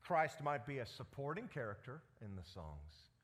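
A man preaching a sermon as pastor, animated and full of rhetorical questions. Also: medium pitch, normal speed.

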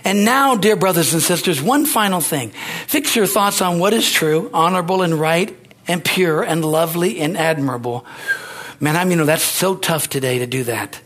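A man's voice: a little high, normal speed, a bit bright. A man preaching a sermon, exhorting his listeners with rising energy, rambling at times with restarts.

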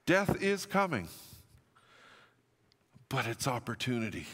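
A man's voice: medium pitch, big pitch swings, slow pace, fairly bright tone, slightly rough, big-room sound. A middle-aged man preaching a sermon as pastor, earnest and building to emphatic declarations.

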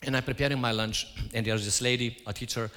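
A man's voice: mid-range voice, steady tone, fast, sharp tone. Man preaching in a reverberant church. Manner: storytelling, acts out his own quoted lines. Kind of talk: sermon. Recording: hall reverb.

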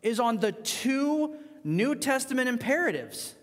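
A male pastor preaching a sermon in a church, emphatic, swinging between loud rising points and quiet asides. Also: very high-pitched, big pitch swings, measured pace, long reverb tail.

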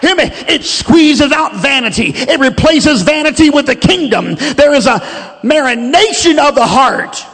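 A man preaching a sermon, with rhythmic, emphatic delivery that builds to shouts. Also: very high voice, animated, a little slow. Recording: long reverb of a large hall.

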